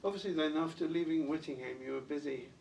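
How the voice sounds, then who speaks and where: A man's voice: on the high side, quick pace, gravelly, darkish tone. A man interviewing for an oral history, asking brief prompting questions. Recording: distant mic, faint background noise.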